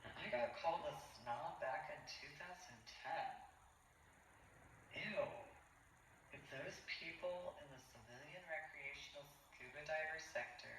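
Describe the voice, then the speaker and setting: A man vlogging a rambling, halting monologue with repeated disdainful interjections. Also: a little high, fairly bright tone, slight background noise. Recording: very echoey room, speaker far from mic.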